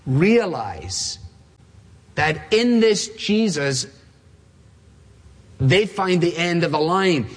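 A man with a slightly high, husky voice delivers a sermon. He drives his points home with repeated phrases and slows right down on the key words. His voice rings out with a long reverb, as in a large hall. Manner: emphatic, repetitive phrasing, slows down to stress points. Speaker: preacher. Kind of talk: expository sermon.

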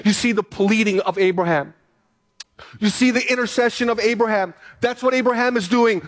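A pastor preaching a sermon, reading scripture aloud and pressing points with earnest, repeated phrases. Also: male voice, high-pitched, brisk.

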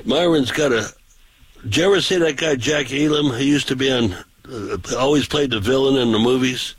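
Husky-voiced preacher telling street stories. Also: male voice, medium pitch, normal speed, no echo, low-quality recording. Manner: folksy, rambling anecdotes with repeated restarts. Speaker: pastor. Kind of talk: storytelling on a talk show.

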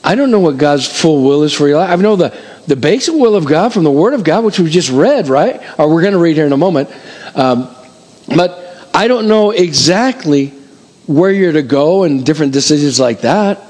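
Animated, higher-voiced male pastor preaching. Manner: animated, counts up the years like an auctioneer; emphatic, slows down to stress key points. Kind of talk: sermon. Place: church.

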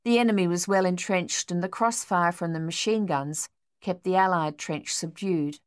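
A woman reads an audiobook in a steady, measured way. Her voice sits fairly low. The recording is dry and close, with no room sound. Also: clean tone, no room sound. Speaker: audiobook narrator. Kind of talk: scripted narration.

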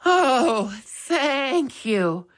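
A woman voicing a frightened, fussy neighbor lady who hates rats, in a shrill and panicky voice. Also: very animated, takes it slowly, fairly bright tone, heavily acted. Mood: relieved.

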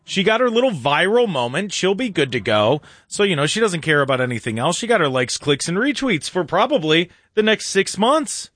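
A man's voice: high voice, very animated, brisk, hardly any pauses, a bit bright, dry recording, studio quality. A man hosting a morning talk radio show, chatty and laughing often, now and then mimicking other voices.

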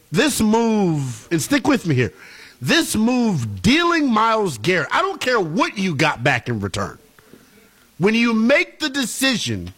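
Animated high-voiced male sports host. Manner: animated, opinionated, playful. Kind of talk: casual sports chat.

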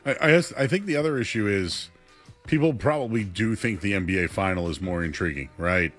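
A young man co-hosting a casual sports talk show, chatty and animated, his voice jumping up when he gets excited. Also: fairly low pitch, brisk, faint music behind. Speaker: sports radio co-host.

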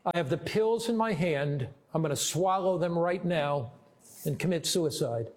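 A male preacher voicing a despairing young woman on the phone, speaking in a quiet, halting confession during sermon storytelling. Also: fairly high pitch, lightly acted.

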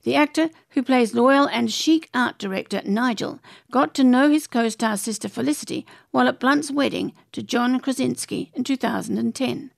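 Gravelly woman reading showbiz news. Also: fairly high pitch, normal speed, no room sound, clean studio sound. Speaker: narrator. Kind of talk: scripted entertainment news narration.

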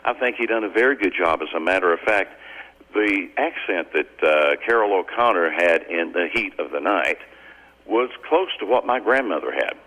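Deep-voiced lively radio man. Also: normal speed, rough recording. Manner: animated, chatty, colloquial. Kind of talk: casual radio chat. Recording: radio broadcast.

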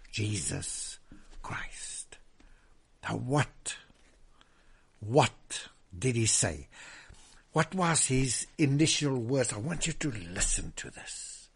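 A man preaching a sermon, swinging from loud proclamation to hushed whispers and drawing out scripture verses emphatically. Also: mid-range voice, slightly rough. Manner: drawn-out emphatic reading of scripture.

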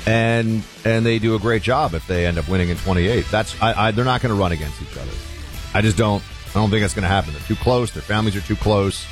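A man's voice: lowish voice, quick pace, soft background music. A male radio talk host, chatting loosely with fillers as he takes calls.

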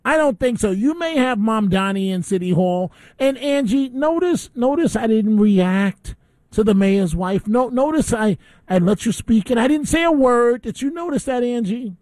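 A man's voice: very high voice, lively intonation, moderate pace, a little mellow, no room sound. A man hosting a call-in radio talk show, ranting indignantly between calls. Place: radio studio.

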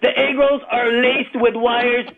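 A man's voice: very high-pitched, flat delivery, creaky. A man from Chicago with a Chicago accent, calling in to a sports radio show and rattling through topics at speed. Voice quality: fast, scattered, jumping topics. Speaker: caller. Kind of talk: rapid-fire call-in rant. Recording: tinny phone line.

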